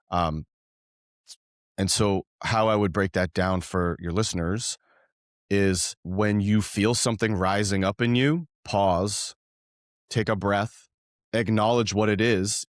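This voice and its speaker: Deep-voiced guy on a podcast, earnest and halting, dry close sound. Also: no room sound. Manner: earnest, halting, with frequent restarts. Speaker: podcast guest. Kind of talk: reflective conversational storytelling.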